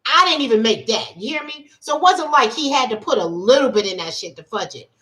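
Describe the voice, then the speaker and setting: Woman tarot life coach, casual livestream, emphatic, repetitive, slightly high voice. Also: expressive, fairly quick, sharp tone. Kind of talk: casual livestream talk and storytelling.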